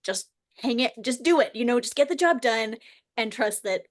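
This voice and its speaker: Chatty earnest woman, slightly high voice. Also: lively intonation, normal speed. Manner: earnest, rambling, heavy use of "like". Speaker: host. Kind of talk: casual storytelling chat.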